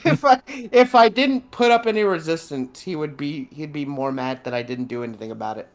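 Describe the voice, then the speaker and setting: A man's voice: fairly high pitch, a little fast. A man co-hosting a podcast in loose, casual chat, swearing and laughing as he talks about his father. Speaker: podcast co-host.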